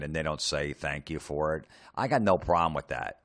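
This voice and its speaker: A man's voice: extremely low pitch, normal speed, creaky, few pauses. A man delivering a profane, sarcastic comedic rant, mocking people in put-on voices. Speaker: comedian ranting.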